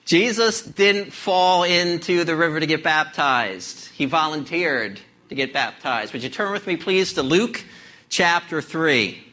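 A pastor delivers a sermon in a high, bright, forceful voice. He leans into his points with emphatic preaching and reads scripture aloud. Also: expressive, measured pace. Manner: storytelling, then emphatic preaching.

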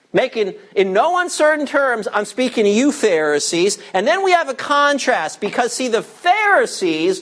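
A man preaching a verse-by-verse sermon, emphatic and teacherly, asking questions and answering them himself. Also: high-pitched. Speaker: pastor.

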